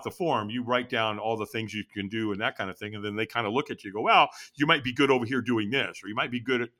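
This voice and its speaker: Bright, animated male storyteller. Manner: animated, acts out his own past lines with jumps in pitch. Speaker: podcast guest. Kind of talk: storytelling interview.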